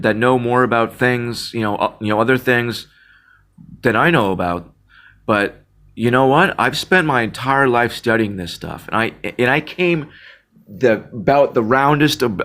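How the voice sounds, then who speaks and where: A man's voice: mid-range voice, fairly bright tone. A man in an impassioned casual monologue, earnest and near tears, often repeating words and restarting. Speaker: Christian video blogger.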